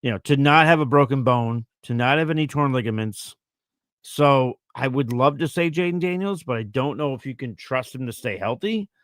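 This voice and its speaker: A man co-hosts a laid-back fantasy football show, reading viewer questions out loud and working through his answers with casual fillers. His medium-pitched voice is animated and slightly bright, at a moderate pace. The recording is dry and studio-clean.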